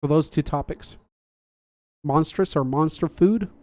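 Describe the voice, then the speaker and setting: Brief: laid-back podcast host, mid-pitched, dry close sound, chats and laughs with live viewers. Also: unhurried, darkish tone, no room sound. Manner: chatty, laughs often, jokes at own slips. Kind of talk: casual livestream chat.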